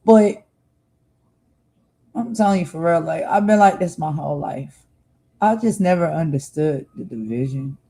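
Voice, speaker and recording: An American woman hosts a livestream, speaking to viewers in an earnest, heartfelt monologue and often repeating herself for emphasis. Her low-pitched, warm voice is animated but a little slow with long pauses, on a low-quality recording.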